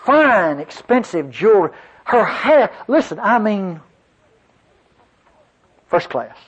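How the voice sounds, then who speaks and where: A man's voice: high voice, sing-song, slow pace, slightly rough. A man preaching a folksy sermon to his congregation, telling a story and calling out to the listeners. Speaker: pastor. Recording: dull lo-fi sermon recording.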